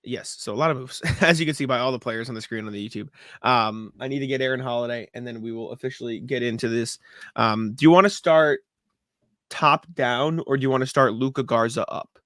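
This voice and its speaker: A man's voice: medium pitch, brisk, fairly bright tone, no echo. A man co-hosting a podcast in casual chat, rambling and laughing at his own mishaps. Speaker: podcast co-host.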